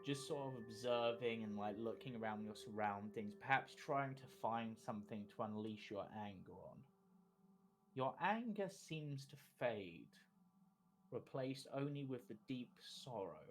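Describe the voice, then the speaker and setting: A man narrating as game master of a tabletop game, in measured, descriptive narration with small restarts. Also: mid-range voice, lively intonation, rough recording.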